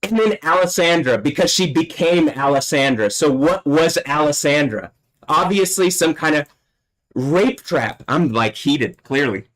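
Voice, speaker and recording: A man's voice: fairly high pitch, animated, unhurried, fairly bright tone, poor audio. A man hosting a solo livestream, talking in an agitated, swearing rant. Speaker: livestream host.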